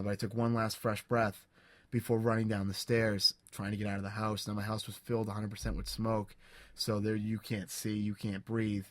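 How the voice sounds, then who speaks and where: Young male podcast co-host, low and flat delivery, earnest halting storytelling, dry close sound. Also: no room sound. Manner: halting, many restarts and fillers, earnest. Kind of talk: casual storytelling.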